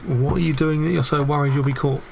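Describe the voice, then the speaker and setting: A man's voice: a little high, fairly even intonation, fast, gravelly, a little mellow, a little hiss or hum. A man co-hosting a casual live craft stream, matter-of-fact and a little dry. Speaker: stream co-host.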